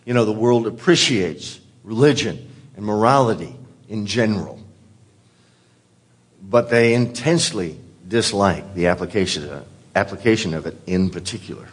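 A man's voice: on the low side, moderate pace, slightly rough. A pastor delivering a sermon, an earnest man who often repeats words as he presses a point.

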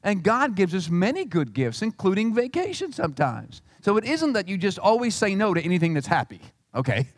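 A male pastor preaching a sermon in an animated, emphatic way. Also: high-pitched, a little fast, few pauses, no room sound, studio quality, big-room sound. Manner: animated and emphatic, acting out quotes.

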